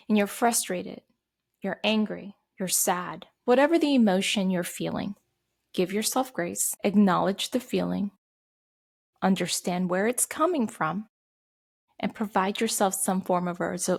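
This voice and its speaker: A middle-aged woman with a gravelly, slightly husky voice hosts a personal self-care talk. She speaks in a heartfelt, gently advising way, at an ordinary pitch. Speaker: podcast host.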